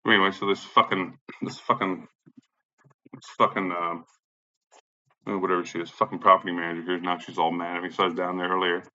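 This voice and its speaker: A man's voice: low-pitched, flat delivery, a little fast, pauses often, bright, forceful tone. A man in an angry, profane rant, agitated, repeating himself and swearing constantly. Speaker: vlogger. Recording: dull lo-fi sound.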